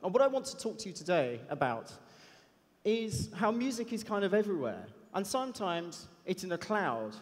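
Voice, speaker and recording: A man giving a chatty, self-deprecating anecdotal talk on a conference stage. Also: a little high. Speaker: conference speaker. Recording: long hall reverb.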